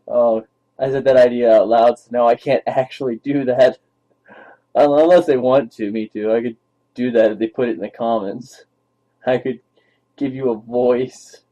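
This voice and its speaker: A young man chats playfully and ramblingly to his dog, slipping into baby talk. His voice is husky and mid-pitched. The audio is thin and tinny, like a phone call. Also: unhurried, long pauses. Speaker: vlogger.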